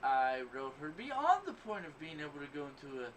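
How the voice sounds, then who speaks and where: A man's voice: on the high side, big pitch swings, brisk. Profane, boastful man, distant and noisy. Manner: profane, blunt, boastful storytelling. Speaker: podcast host. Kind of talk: crude casual chat. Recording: distant mic, noisy background.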